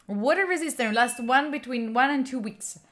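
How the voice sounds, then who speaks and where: A woman's voice: sits high, expressive, normal speed, a bit bright, soft background music. A woman whose first language is Italian, chatting casually and playfully to her stream viewers, rambling and laughing at herself. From Italy. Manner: rambling, playful, self-mocking, laughs often. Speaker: study streamer. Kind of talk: casual live-stream chat.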